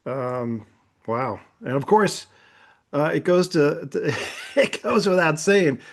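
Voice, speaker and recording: A man hosting a podcast in casual chat, relaxed, chiming in with asides and prompting his guest. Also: a little high, slow, vocal fry. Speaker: podcast host.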